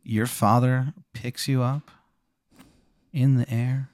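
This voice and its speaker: A man's voice: medium pitch, flat delivery, slow pace, a little mellow, dry recording, studio quality. A man improvising a story as game master, rambling with many fillers.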